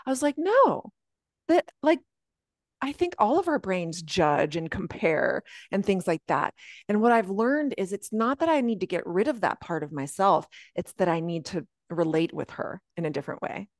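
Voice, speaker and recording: A woman guest coach talking earnestly on a podcast, often jumping into a high voice when she quotes her own thoughts. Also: normal speed, no echo, clean studio sound. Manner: earnest, animated, often slipping into high quoted self-talk. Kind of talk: reflective podcast conversation.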